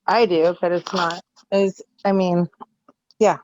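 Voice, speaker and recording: A woman's voice: on the low side, fairly even intonation, slow pace, darkish tone, dry recording, lo-fi sound. A woman from the audience asking a question hesitantly, with many restarts.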